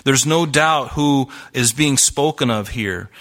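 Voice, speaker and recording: A man's voice: medium pitch, slow pace, a bit bright. A man preaching a sermon in a church, explaining scripture in an earnest, teaching way. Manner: earnest, explains Greek words, quotes scripture. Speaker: pastor. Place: church hall with live audience.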